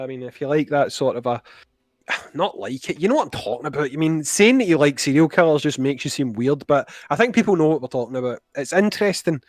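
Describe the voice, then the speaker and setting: A Scottish man chatting as a podcast guest over a call, talkative and quick to laugh. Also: mid-range voice, darkish tone, dry recording, studio quality. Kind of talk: casual chat.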